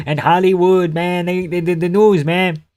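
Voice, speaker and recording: A man putting on a Quebec French accent to play an excitable French-Canadian fighter who fires off incredulous rhetorical questions that end in "man". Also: high-pitched, moderate pace, clean tone, voice pushed up, close to an everyday voice.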